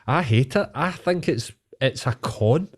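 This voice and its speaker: A man's voice: mid-range voice, lively intonation, unhurried, slightly rough. A Scottish man ranting heatedly on a podcast, swearing freely in casual chat. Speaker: podcast co-host.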